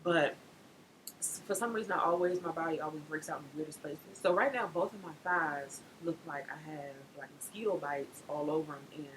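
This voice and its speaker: A woman's voice: a little fast, slight background noise, poor audio. A young woman chatting casually in a pregnancy vlog, laughing often. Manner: chatty, laughs often, animated pitch swings. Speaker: vlogger.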